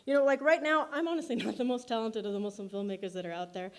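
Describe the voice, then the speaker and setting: A woman's voice: a little high, fast. A woman filmmaker giving an award acceptance speech, chatty and self-deprecating, laughing often between her words.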